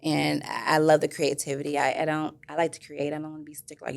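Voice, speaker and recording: Interview guest: woman, lowish gravelly voice, rambling and animated. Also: quick pace. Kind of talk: casual interview chat.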